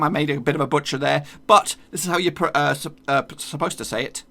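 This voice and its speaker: A man's voice: fairly high pitch, steady tone, fast talker, hardly any pauses, sharp tone, soft background music. A man hosting a football channel, talking in a chatty, jokey way with plenty of slang. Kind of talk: casual football vlog.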